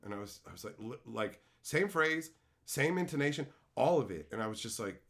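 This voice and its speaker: Streaming live, a male host tells his chat a story with plenty of swearing and exasperation, reading viewer comments aloud as he goes. His voice is medium in pitch and his delivery animated and a bit fast.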